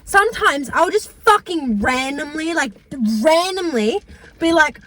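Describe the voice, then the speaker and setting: High, lively young woman. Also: measured pace, dry recording. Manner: animated, teasing, swears freely, laughs often. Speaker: co-host. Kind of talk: casual chat.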